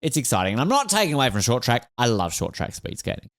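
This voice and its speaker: Lively, rambling male podcast host. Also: mid-range voice, quick pace, no echo, clean studio sound. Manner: rambling, jokey, laughs often. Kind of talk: casual sports podcast chat.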